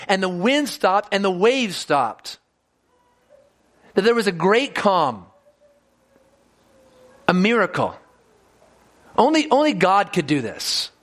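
High-voiced man preaching a sermon. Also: expressive, a little slow, pauses often, fairly bright tone. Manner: earnest preaching with repeated words and restarts. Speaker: pastor.

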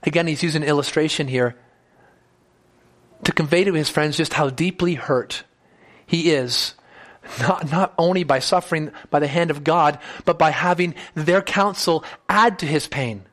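Man preaching verse by verse, higher voice. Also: normal speed, fairly bright tone. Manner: reads scripture aloud, then explains it in plain words; voices the speakers of the text in first person with rising emphasis. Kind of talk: expository sermon.

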